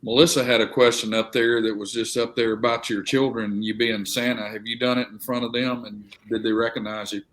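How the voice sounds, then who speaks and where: A man's voice: mid-range voice, little pitch movement, a little fast, few pauses, a bit bright. A man with an ordinary mid-range voice who relays audience questions plainly and without fuss, in the manner of a co-host. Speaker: co-host reading viewer questions.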